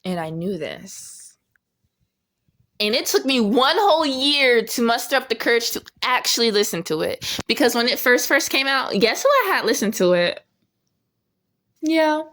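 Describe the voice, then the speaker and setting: A young woman telling a casual storytime as a vlogger, chatty and animated, laughing often as she talks. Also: fairly high pitch, moderate pace.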